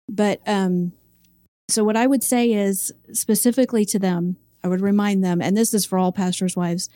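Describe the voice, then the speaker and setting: A woman speaking as a pastor's wife, giving heartfelt and reflective answers in an interview. Her voice is mellow and sits at a middle pitch.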